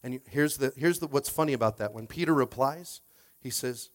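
Man preaching a lively conversational sermon. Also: a little fast. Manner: conversational, repeats words, coaxes the congregation; acts out quoted voices with shifts in pitch and loudness. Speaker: pastor.

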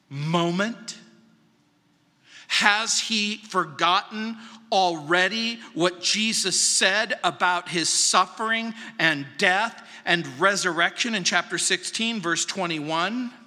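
Pastor guy preaching in a church, lively, acts out quotes, long echo in the hall. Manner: animated, acts out quotes with sudden high exclamations. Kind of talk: sermon. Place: church sanctuary.

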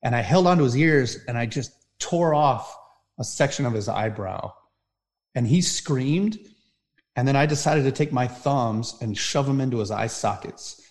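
A man, a podcast guest, telling a personal story in conversation, intense and vivid, swinging between loud bursts and hushed passages. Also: medium pitch, expressive, normal speed.

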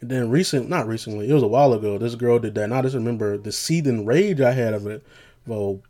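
A man's voice: medium pitch, fast talker, warm tone. A young man talking in a loose, rambling monologue, joking and full of slang and fillers. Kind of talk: casual monologue.

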